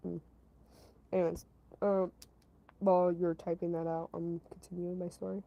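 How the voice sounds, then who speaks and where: A woman's voice: lowish voice, flat delivery, moderate pace, vocal fry, lo-fi sound, a little hiss or hum. A woman casually telling a story to her stream chat, rambling, repeating herself and padding her talk with fillers. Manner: talks to her chat between story parts.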